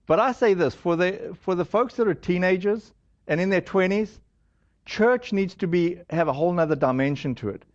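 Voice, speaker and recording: A middle-aged man preaching in a conversational, halting way. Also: sits high. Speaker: pastor. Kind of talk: sermon. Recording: slightly dull audio.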